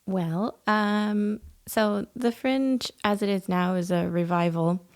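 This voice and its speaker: A Canadian woman talks softly and thoughtfully as a podcast guest. Her mid-pitched voice often slips into a gravelly fry at the ends of phrases. Her manner is relaxed and lightly amused. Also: slow. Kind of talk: casual chat. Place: small room in a historic house.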